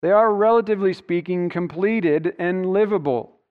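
A man delivers a sermon in a fairly high, smooth and resonant voice. He works through a scripture passage and leans on key words to drive each point home. The sound carries a long church-hall reverb and a dull, muffled tone. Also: moderate pace. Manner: expository preaching, stressing key words. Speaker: pastor. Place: church sanctuary.

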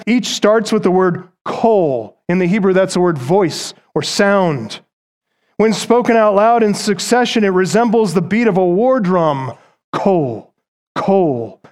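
A man preaches with emphatic conviction in a high, clear voice. He leans on dramatic pauses and rhetorical questions, driving each point home. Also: a little mellow. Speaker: pastor. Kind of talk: sermon.

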